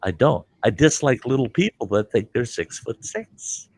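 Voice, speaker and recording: A man's voice: mid-range voice, sing-song, normal speed, darkish tone, dry recording. An older man hosting a livestream, bluntly telling a story and acting out both sides of the argument. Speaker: livestream host. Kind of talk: casual storytelling.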